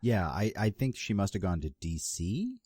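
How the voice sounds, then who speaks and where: A man's voice: lowish voice, sing-song, normal speed, a little mellow, husky, no room sound, clean studio sound. A man co-hosting a podcast in casual chat, picking things apart with wry, critical remarks. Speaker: podcast co-host.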